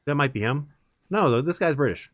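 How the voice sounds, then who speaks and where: Streamer, male, rambling casual chat, mid-pitched voice, dry close mic. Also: lively intonation, a little fast, no echo. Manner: rambling, chatty, laughs often. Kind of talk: casual chat while gaming.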